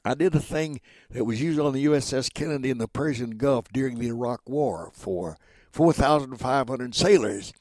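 A man's voice: medium pitch, moderate pace, darkish tone, dry recording. Man in his 90s, interview guest, jovial storyteller, dry close sound. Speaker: guest, voice actor. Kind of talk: casual interview chat.

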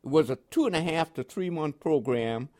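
Warm, lively and on the high side, this older man's voice moves at a normal speed as he tells his life story in an oral history interview. Originally from Panama, he speaks with a New York accent touched by West Indian inflections and chuckles frequently.

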